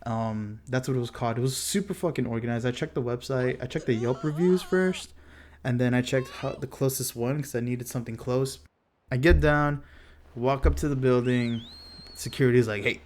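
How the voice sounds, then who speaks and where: A man's voice: mid-range voice, brisk. A young man from Texas telling a casual storytime vlog, rambling and profane with a self-mocking streak. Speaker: vlogger.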